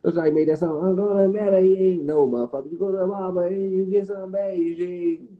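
A man's voice: sits high, fairly even intonation, a little fast, narrow, tinny audio. A man with a Washington DC area accent hosting a livestream, roasting someone in a profane, mocking, rowdy rant. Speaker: livestream host.

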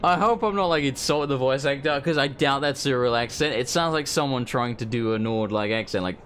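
A man's voice: medium pitch, a little fast, fairly bright tone, slight background noise. A man hosting a let's play, giving casual gameplay commentary, joking and cursing freely. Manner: laughs often, swears casually.

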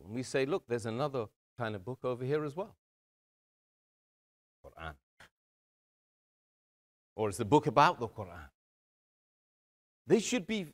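Male speaker, mid pitch, earnest community talk, addresses the crowd directly. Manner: earnest, addresses audience as brothers and sisters. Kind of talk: motivational talk.

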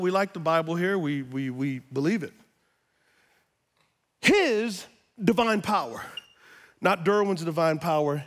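A pastor in his fifties preaching a sermon in a church, moving between quiet, slow teaching and loud, rising exhortation. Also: high-pitched, slightly rough. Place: church auditorium.

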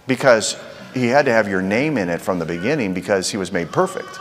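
A man's voice: on the low side, expressive, fairly quick, big-room sound, a little hiss or hum. A man preaching a sermon in a conversational way, asking the crowd rhetorical questions.

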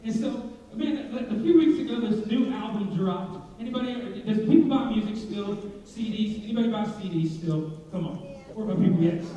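A young male pastor with a high, mellow voice preaches a lively, joking sermon and keeps asking the congregation questions. He is recorded from a distance in a big echoing church hall, and the sound is dull and muffled. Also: brisk. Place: church sanctuary.

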